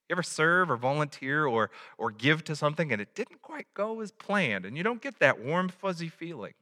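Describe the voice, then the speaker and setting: A man's voice: fairly high pitch, sing-song, fairly quick, few pauses, bright, forceful tone, long reverb tail. A man preaching a sermon in a conversational way, a father who acts out little quotes. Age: adult, has a child. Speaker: pastor.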